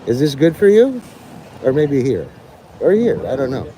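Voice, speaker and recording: A man's voice: mid-range voice, big pitch swings, moderate pace, warm tone, a little hiss or hum. A man livestreaming, rambling and teasing his chat, breaking into mock-angry, swearing rants.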